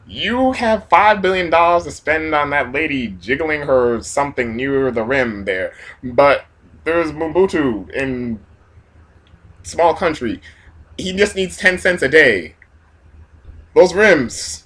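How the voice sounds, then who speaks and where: A man's voice: a little high, expressive, a little slow, fairly bright tone. A man rambling through a self-deprecating comic vlog monologue full of jokey asides. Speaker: vlogger.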